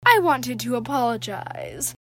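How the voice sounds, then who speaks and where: Girl doing earnest formal boy w glasses, high voice, kinda loud and polite. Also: expressive, a little slow, slight background noise.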